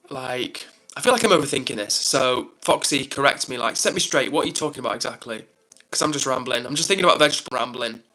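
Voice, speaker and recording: Bright-voiced rambling English streamer man. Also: on the high side, poor audio. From England. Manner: rambling, filler-heavy, upbeat. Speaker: live streamer host. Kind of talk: casual live-stream chat, reading viewer comments.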